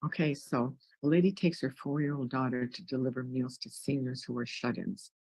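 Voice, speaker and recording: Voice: mid-range voice, fairly quick, a little mellow, husky, dry recording, poor audio. A wellness guest in an interview, upbeat and jokey, often restarting words.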